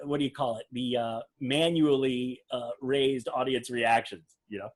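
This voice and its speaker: A man's voice: medium pitch, moderate pace. A man hosting a casual reaction commentary on a magic act, rambling and acting out quotes with fillers. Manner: animated, rambling, acts out quotes. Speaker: magician host reviewing a performance.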